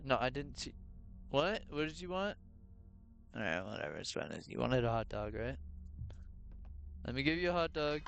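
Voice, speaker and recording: A man's voice: mid-range voice, sing-song, moderate pace, creaky, pauses often, fairly bright tone. Goofy man clowning as a hot-dog clerk. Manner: goofy, plays along as a shop clerk. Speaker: gaming streamer. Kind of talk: joking gameplay commentary.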